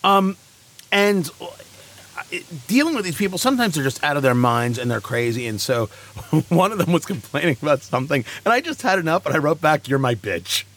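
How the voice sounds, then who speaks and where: Animated sarcastic male talk host. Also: on the high side. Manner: animated, sarcastic, quick asides. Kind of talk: casual banter.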